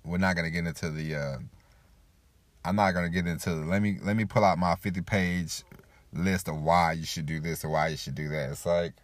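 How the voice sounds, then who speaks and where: A man's voice: low-pitched, no echo. A man hosting a casual motivational talk, rambling and repeating himself, acting out quoted people as he goes. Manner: rambling, repeats 'you know', acts out quoted voices. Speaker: podcast host.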